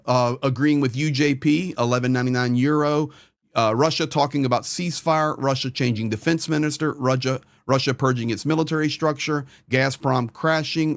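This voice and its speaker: A man's voice: mid-range voice, dry recording, clean studio sound. A man hosting a live stream, earnestly rattling off names and donation amounts.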